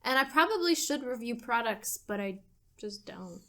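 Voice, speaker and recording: A laid-back woman chats on a casual podcast, agreeable and easygoing. Her voice is bright and sits a little high. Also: animated, moderate pace. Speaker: podcast co-host. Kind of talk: casual chat.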